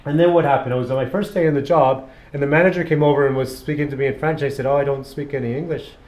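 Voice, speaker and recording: A man's voice: fairly high pitch, steady tone, very fast, darkish tone. A man working as a barber, chatting casually and rambling through stories while cutting hair. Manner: chatty storyteller, rambling and repeating phrases. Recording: echoey room.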